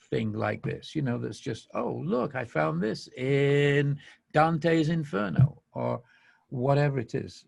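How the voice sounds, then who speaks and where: A Mancunian podcast host from England delivers a casual monologue, rambling enthusiastically and laughing often. His voice is fairly high, with vocal fry, a breathy edge and a slightly mellow quality.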